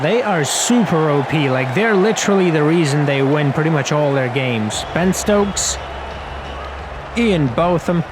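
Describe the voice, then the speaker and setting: A man's voice: fairly high pitch, noisy background. A young man giving chatty, self-mocking commentary over a cricket video game, laughing often. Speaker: gaming commentator.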